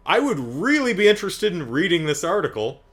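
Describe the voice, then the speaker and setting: A man's voice: sits high, sing-song, brisk, a bit bright. A man giving a casual, comedic movie recap in a sarcastic, incredulous way, rambling with asides. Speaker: movie reviewer.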